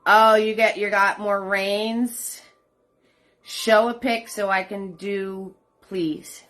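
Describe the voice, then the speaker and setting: In a slow, slightly bright mid-range voice with little pitch movement, a middle-aged woman teaches a live online painting class. She's talkative and supportive, greeting viewers by name and addressing them as sweetheart and hun. Faint music plays in the background.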